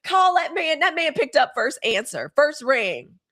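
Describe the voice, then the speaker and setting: A woman's voice: sits high, big pitch swings, a little slow, sharp tone. A young woman from Mississippi, hosting a live show in casual, gossipy chat, cursing freely. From Mississippi, USA.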